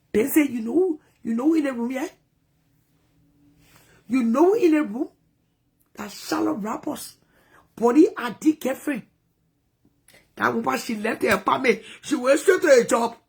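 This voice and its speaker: Very high-voiced Liberian woman telling a story. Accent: Liberian English. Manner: animated, swinging between hushed asides and loud outbursts. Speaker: vlogger. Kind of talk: emotional storytelling monologue.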